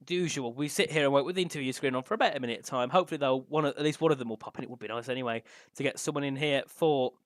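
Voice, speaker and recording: A man's voice: medium pitch, dry recording, studio quality. A young man co-commentating an online racing league, enthusiastic and talking with a sore throat. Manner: enthusiastic, talks the results through steadily.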